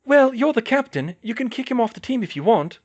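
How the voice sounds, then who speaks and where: A man reading fan fiction aloud, voicing a bright, earnest teenage witch in a raised, softer voice. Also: very high-pitched, big pitch swings, a little fast, highs cut off, voice pushed up, heavily acted. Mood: sympathetic.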